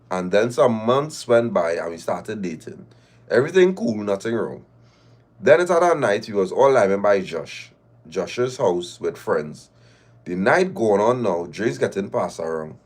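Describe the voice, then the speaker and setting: Animated man reading stories. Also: lowish voice, measured pace. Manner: animated, laughing, mock-outraged asides. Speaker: host reading listener stories. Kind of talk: live show storytelling.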